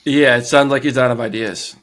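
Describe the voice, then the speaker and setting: A male co-host chats about hockey quickly and easily. His pitch sits in the middle. He agrees and adds short points in a casual way. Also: fairly even intonation, a bit bright. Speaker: podcast co-host. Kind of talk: casual sports chat.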